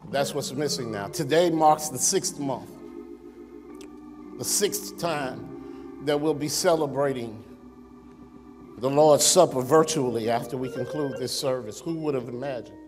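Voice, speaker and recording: A man's voice: medium pitch, measured pace, pauses often, music in the background. Male pastor preaching in a reverberant sanctuary. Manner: conversational preaching with rhetorical questions. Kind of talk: sermon. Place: church sanctuary. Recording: long reverb in a church sanctuary.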